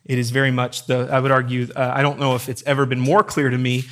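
A man's voice: mid-range voice, little pitch movement, fast. A man preaching a sermon to his congregation in a conversational, emphatic way, acting out quotes and questions. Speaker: pastor. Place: church room with congregation.

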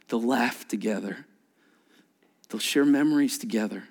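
A male pastor preaching a sermon. He acts out wedding scenes in an animated way and drops to a hushed, low delivery for emphasis. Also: a little slow, big-room sound.

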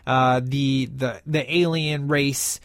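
A man's voice: medium pitch, fairly even intonation, slow, no echo, studio quality. A man giving a casual, enthusiastic movie review, rambling with many fillers and restarts.

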